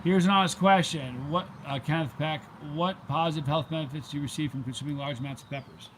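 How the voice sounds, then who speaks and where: A man's voice: on the high side, fast, slight background noise. A middle-aged man hosting his channel's live stream, chatting casually with viewers and drifting off into rambling stories. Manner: rambling, easily sidetracked storyteller. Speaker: channel host reading live chat.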